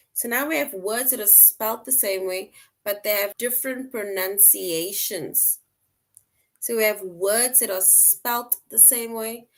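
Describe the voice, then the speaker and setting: A woman teacher explaining a lesson slowly, repeating points and checking in with "right?" often. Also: fairly high pitch. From outside the US. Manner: slow, repetitive explaining, frequent "right?" check-ins. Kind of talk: online class lesson.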